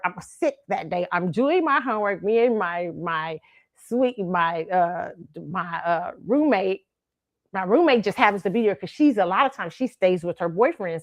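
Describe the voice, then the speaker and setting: A middle-aged woman hosting a show, telling a story casually with laughter and high-pitched acted-out quotes. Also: no echo. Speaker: show host.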